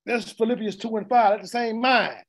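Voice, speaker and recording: A man with a very high voice preaches verse by verse, throwing questions at his listeners and waiting for them to finish his lines. He often stumbles into repeated words before pressing on. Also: moderate pace. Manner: call-and-response questioning, stammering repeats. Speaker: preacher teaching scripture. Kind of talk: interactive sermon.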